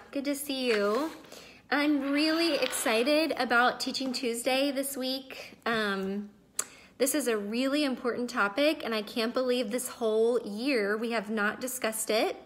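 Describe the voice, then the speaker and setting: A chatty woman in her thirties talks to her viewers in a casual live video, stopping to greet them by name. She sounds emotional and close to tears, and her voice sits a little high. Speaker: wellness livestream host.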